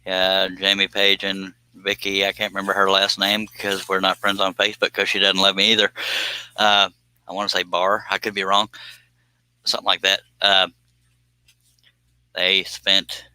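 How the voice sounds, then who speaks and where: A man with a low, very sharp and tense voice chats casually on his live stream, reading viewer comments and cracking jokes. His tone is smooth and clean, recorded close and dry with no room sound. He teases his viewers and laughs easily. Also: no echo. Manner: joking, teasing, laughs often. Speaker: woodworking live stream host.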